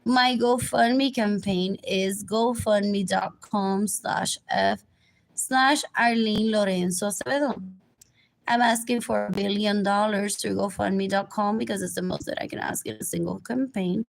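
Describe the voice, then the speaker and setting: A woman's voice: medium pitch, fairly even intonation, a little slow, vocal fry. A woman rambling through a livestream monologue, drifting between topics and repeating herself.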